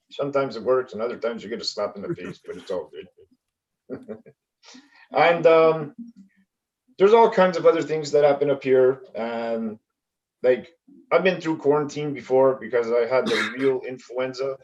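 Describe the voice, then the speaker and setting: A man from Canada doing a stand-up comedy set over a video call, with a halting delivery full of fillers. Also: medium pitch, darkish tone, lo-fi sound.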